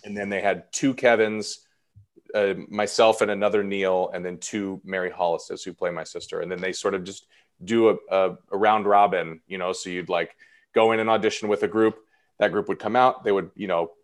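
Low-voiced man chatting as a guest. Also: fairly even intonation, moderate pace. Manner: chatty and self-deprecating, many fillers. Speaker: actor guest. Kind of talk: casual interview chat.

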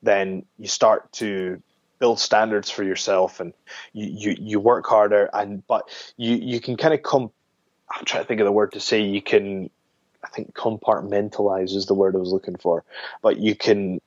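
A man's voice: lowish voice, level tone, normal speed, no echo, lo-fi sound. A man talking as a podcast guest in an earnest, rambling way, often stopping to correct himself. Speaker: guest, wrestler. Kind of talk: casual podcast interview.

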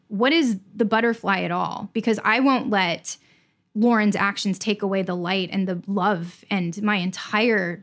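A woman musician in a candid conversation, talking earnestly and emphatically, often repeating phrases to reassure. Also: mid-range voice.

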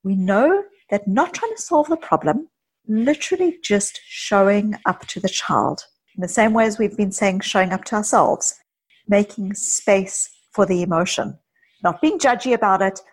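Husky middle-aged woman, psychologist guest chatting on a podcast, tells stories with lots of quoted bits. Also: mid-range voice, normal speed. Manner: animated storyteller, vivid anecdotes with quoted dialogue. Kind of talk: conversational podcast interview.

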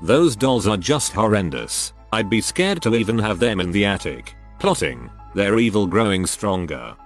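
Low-voiced man narrating stories. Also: sing-song, normal speed, faint music behind. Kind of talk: scripted narration of reader-submitted stories.

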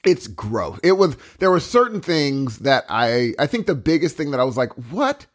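A man co-hosting a casual movie review conversation, animated, exclaiming and laughing often. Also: medium pitch, moderate pace. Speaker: podcast co-host. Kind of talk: casual film review chat.

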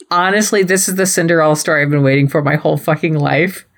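A young adult woman co-hosting a casual recap podcast, animated and slipping into playful voices for quotes. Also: deep voice, fast talker. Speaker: podcast co-host.

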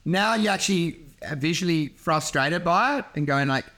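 A man talks in a casual podcast chat, running on with loose, rambling thoughts. He laughs a lot and swears freely as he goes. His voice sits high for a man. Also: animated, normal speed, sharp tone. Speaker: comedian and podcast host.

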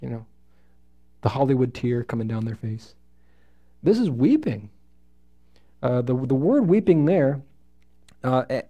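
A man teaching a Bible study to a live group, reading scripture aloud and explaining it in an animated way while asking his listeners questions. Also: medium pitch. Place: room with a small group listening.

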